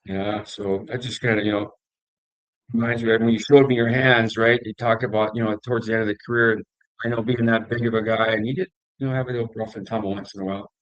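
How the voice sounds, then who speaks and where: A man's voice: lowish voice, fairly even intonation, fast talker, no echo, highs cut off. A middle-aged man hosting a casual interview, talking in a meandering, conversational way. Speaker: interview host.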